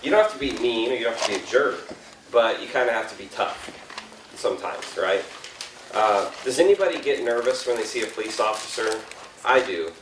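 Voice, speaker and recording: A man's voice: mid-range voice, animated, brisk, far from the mic, noisy background. Chuckling man telling a story in an echoey room. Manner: self-deprecating, chuckles often, asks the audience questions. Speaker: youth confirmation speaker. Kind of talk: storytelling talk to a youth group.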